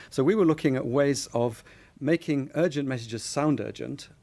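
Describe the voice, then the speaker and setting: A man's voice: medium pitch, darkish tone. A man, a speech researcher, recalling past work in an interview in a reflective manner. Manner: reflective, slight restarts. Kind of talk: recollecting in interview.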